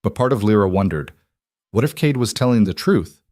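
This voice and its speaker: A man narrating a fantasy romance audiobook in steady, measured scripted narration. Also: lowish voice, no room sound, studio quality.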